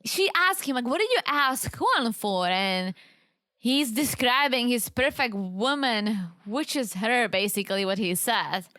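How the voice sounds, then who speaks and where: A woman's voice: on the high side, lively intonation, unhurried, pushed and bright, no room sound. A woman co-hosting a podcast, chatting casually and giggling often. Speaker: podcast co-host.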